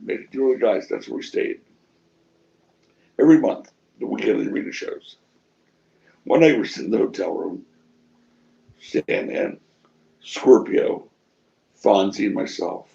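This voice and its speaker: A man's voice: on the low side, normal speed, gravelly, pauses often, lo-fi sound. A middle-aged man telling stories in an interview, acting out what people said and swearing freely. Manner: animated storyteller acting out quotes, swears freely. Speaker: wrestling promoter interviewee. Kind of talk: shoot interview storytelling.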